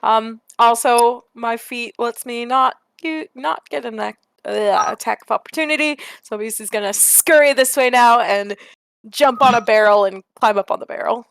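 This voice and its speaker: A woman playing a tabletop game as a player, excitable and giggly. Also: a little high, moderate pace, creaky, clear, resonant tone, dry recording.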